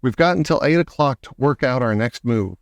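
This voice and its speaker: A man reading an audiobook, voicing an elderly grandmother who talks in a warm, fussing, protective way. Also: medium pitch, lively intonation, fairly quick, dry recording, lightly acted. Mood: brisk. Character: elderly grandmother, loving and fierce. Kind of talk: audiobook character voice.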